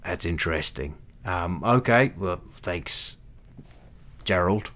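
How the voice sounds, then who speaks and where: A man voicing a wry turtle adventurer who rambles and hesitates as he talks. His voice is deep and low in a tabletop game. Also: animated, slow pace, a bit bright, heavily acted. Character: hungry, wisecracking male turtle adventurer seeking vengeance.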